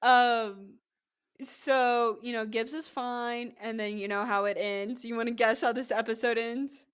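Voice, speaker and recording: A woman with a fairly high voice recaps a TV episode in casual podcast chat. She tells it in an animated way, acting out the lines. The recording is a little dull and lo-fi. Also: measured pace, clear, resonant tone. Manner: chatty, animated retelling with acted quotes and laughs. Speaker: podcast co-host.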